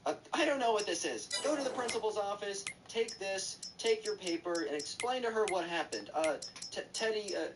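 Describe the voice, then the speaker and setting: A man's voice: sits high, expressive, moderate pace, hardly any pauses, voice pushed up. A man voicing a male schoolteacher with a falsely upbeat, everything-is-awesome tone. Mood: flustered. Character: fake-cheerful male schoolteacher. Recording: distant mic, loud vehicle noise.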